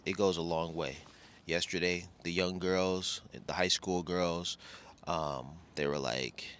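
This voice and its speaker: Middle-aged male vlogger from Los Angeles, very low voice, chatty and meandering, light noise behind. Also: a bit bright. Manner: rambling, self-correcting, chatty. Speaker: travel vlogger. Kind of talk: casual rambling monologue.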